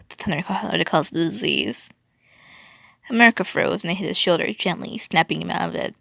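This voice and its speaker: A woman's voice: on the low side, brisk, vocal fry, bright, forceful tone, dry recording, studio quality. A woman reading fan fiction aloud, stumbling and restarting, with a wry tone.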